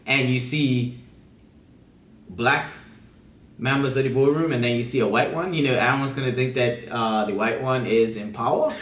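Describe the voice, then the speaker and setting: A man's voice: mid-range voice, steady tone, moderate pace, fairly bright tone. A man co-hosting a casual political discussion, pressing his points emphatically and repeating words. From Bermuda. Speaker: co-host. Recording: roomy, from a distance from the mic.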